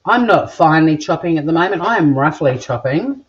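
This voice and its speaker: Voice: mid-range voice, animated, a little fast, dull audio, background noise. A home cook with an Australian accent chatting casually while cooking in a home kitchen, joking crudely and rambling as they go. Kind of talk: casual cooking vlog chat.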